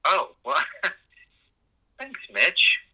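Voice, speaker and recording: A man's voice: sits high, huge pitch swings, extremely slow, pushed and bright, slightly rough, heavily acted. An actor playing a timid, eager-to-please male assistant who stammers and hesitates, heard over a tinny phone-like line. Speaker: assistant character.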